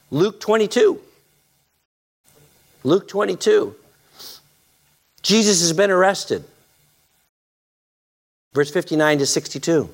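A man's voice: sits high, animated, slow, long pauses. A male pastor preaching a sermon, dramatic and repeating phrases for emphasis.

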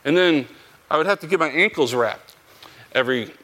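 A man with a slightly high voice talks at normal speed, recounting a story from his own life during a conversational interview. He's animated, acting out the dialogue of the people in it.

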